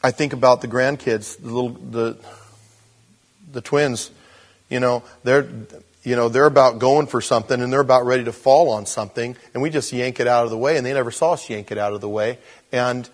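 An older man speaking as a preacher who tells stories rather than lecturing. His delivery is conversational and animated, and he slips into the voices of the people he describes. His voice sits in an ordinary middle range. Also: mid-range voice, a little fast. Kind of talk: conversational sermon storytelling.

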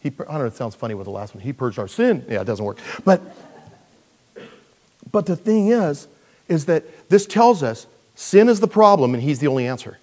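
A male pastor giving a verse-by-verse Bible teaching in a conversational, animated way, with joking asides. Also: on the high side, normal speed.

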